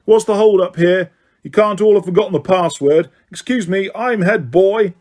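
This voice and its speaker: A man's voice: sits high, normal speed, a little mellow, voice pushed up, natural voice. A man reading an audiobook, voicing a self-important, bossy teenage head boy.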